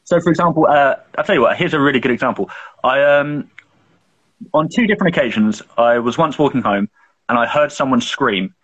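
On a muffled, lo-fi recording, a young man who co-hosts a podcast rambles through a long story in casual chat, dropping swears among his fillers. His husky voice is medium-pitched, brisk and fairly bright.

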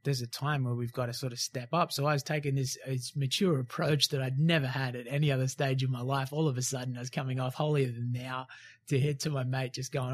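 A man's voice: mid-range voice, steady tone, quick pace. Blunt, rambling man telling a story. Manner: frank and blunt, with swearing and many fillers. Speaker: guest, former commando. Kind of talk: casual storytelling interview.

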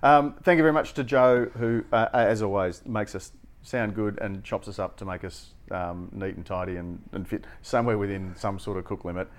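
A man, hosting a podcast in relaxed, joking banter with his co-host. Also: lowish voice, moderate pace. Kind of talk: casual podcast chat.

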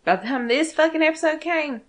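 A woman's voice: sits high, fairly quick. A woman co-hosting a casual fan podcast, talking animatedly, swearing freely and acting out characters' lines. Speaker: podcast co-host.

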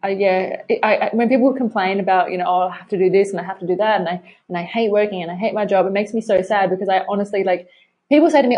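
A woman's voice: mid-range voice, warm tone, muffled recording. A woman, a fitness trainer chatting as a podcast guest and acting out quoted lines. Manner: fast, chatty, many likes, acts out quotes. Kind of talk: casual interview chat.

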